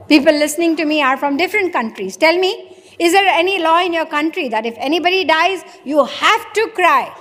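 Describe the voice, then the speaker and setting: A woman's voice: extremely high pitch, lively intonation, moderate pace, fairly bright tone. A woman giving a sermon, asking the audience rhetorical questions and answering them herself. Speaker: spiritual preacher. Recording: long hall reverb.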